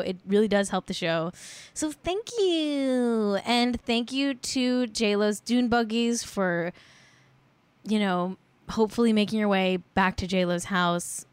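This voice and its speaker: Her voice is smooth and medium-pitched on a dry recording as she hosts a podcast. The chat is casual, sarcastic, and blunt, with plenty of swearing and constant use of "like."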